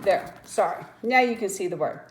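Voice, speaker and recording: A woman teacher slowly walking through a phonics lesson, patient and step by step, with small apologetic asides. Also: medium pitch, expressive.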